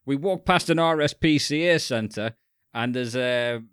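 A man's voice: medium pitch, unhurried, a bit bright, clean tone, no room sound, clean studio sound. A man co-hosting a podcast, telling rambling stories in casual chat and laughing through them. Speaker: podcast co-host.

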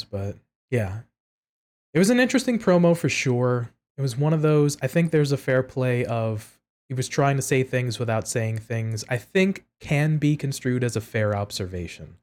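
A man's voice: mid-range voice, normal speed, darkish tone. A male podcast host with an easygoing manner. He keeps the talk casual and passes the floor to his co-host. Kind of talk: casual chat.

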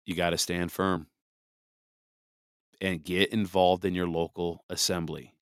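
A man with a very low voice that comes across hoarse and raspy from a lingering illness, yet still smooth and resonant underneath. He hosts his podcast in a fervent, folksy way, close and dry on the mic. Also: flat delivery, unhurried, dry recording. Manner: fervent, folksy, laughs often. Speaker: podcast host. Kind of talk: casual podcast talk with prayer. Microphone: headphones and studio mic.

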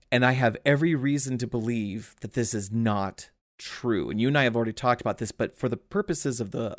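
A man's voice: medium pitch, no room sound. Male host, casual chat, eager and rambling, dry sound. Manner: excitable, rapid and rambling. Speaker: podcast host.

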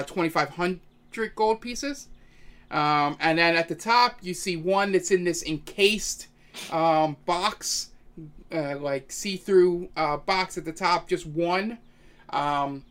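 A man's voice: fairly high pitch, fairly bright tone, clean tone. A young man narrating as game master of a tabletop game, speaking hesitantly with many fillers. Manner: hesitant, many ums and uhs.

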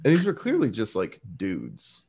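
Lively, animated male podcast co-host. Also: fairly low pitch, normal speed, husky. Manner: lively, many "like" fillers. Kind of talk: casual chat.

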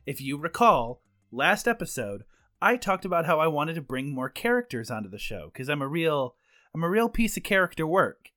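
A man's voice: a little high, sing-song, normal speed, a bit bright. A man co-hosting a comedy podcast, talking in an eager, playful way. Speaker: podcast co-host.

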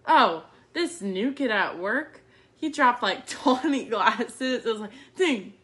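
A young woman chatting casually, jumping in with quick quips and her own stories. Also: fairly high pitch, lively intonation, a bit bright. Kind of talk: casual chat.

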